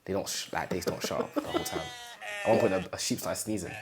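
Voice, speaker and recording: Young man, deep voice, halting and repetitive, relaxed personal storytelling for an interview. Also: background noise. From England. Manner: halting, repeats phrases, acts out quoted family speech.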